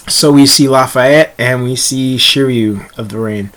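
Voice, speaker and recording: A man's voice: mid-range voice, steady tone, slow. Rambling young man reviewing a chapter. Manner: rambling, stumbles over words and restarts often.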